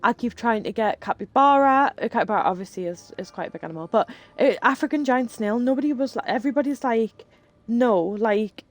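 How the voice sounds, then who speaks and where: A woman's voice: on the high side, quick pace, few pauses. A woman streaming live, telling rambling stories in casual chat while she plays a game and swearing freely. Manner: chatty, rambling storyteller who swears freely.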